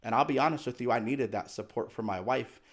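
A man's voice: medium pitch, brisk. A middle-aged man, a podcast guest, telling a personal story in an earnest, emphatic and candid way. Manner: earnest and emphatic, acts out remembered dialogue; candid and confessional.

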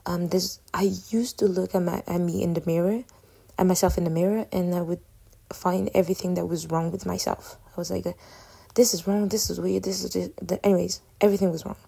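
Husky low-voiced woman podcasting. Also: fairly even intonation, fairly quick, mellow. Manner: rambling, filler-heavy, self-correcting; candid and reflective. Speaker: podcast host. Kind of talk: casual solo podcast talk.

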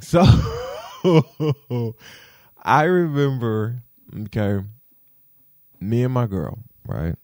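A man talking in a casual rant, animated, swearing freely and tossing in fillers like "you feel me". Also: lowish voice, vocal fry, no echo, clean studio sound. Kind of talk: casual rant, podcast-style chat.

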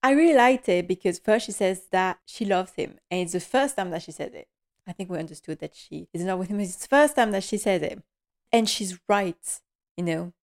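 A woman's voice: fairly low pitch, normal speed, a little mellow. A woman hosting a podcast, chatting enthusiastically and laughing often as she recaps a TV episode. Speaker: podcast host.

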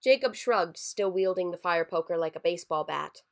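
A woman narrating a scripted horror story in a measured, somber way. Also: lowish voice, expressive. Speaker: story reader.

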